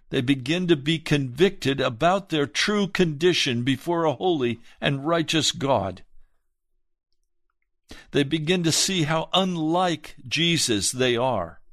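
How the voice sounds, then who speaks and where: A man preaching a sermon as pastor, reading aloud and speaking in an earnest, measured way that drops soft and low for emphasis. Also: no room sound, clean studio sound.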